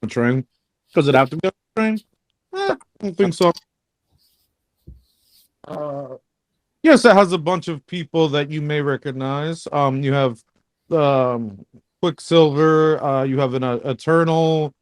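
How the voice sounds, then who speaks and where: A man's voice: fairly high pitch, unhurried, pauses often, dry recording, studio quality. A man co-hosting a podcast, giving offhand, hesitant opinions about a movie in casual chat. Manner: offhand, hesitant, many ums and whatevers. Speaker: podcast co-host.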